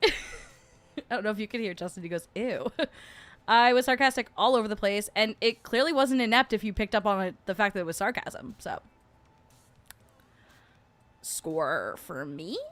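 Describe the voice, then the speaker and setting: A woman's voice: mid-range voice, a little fast, fairly bright tone. Sarcastic New woman streamer. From New Jersey. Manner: sarcastic, chatty, laughs often. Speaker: livestream host. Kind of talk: casual livestream chat. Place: at home.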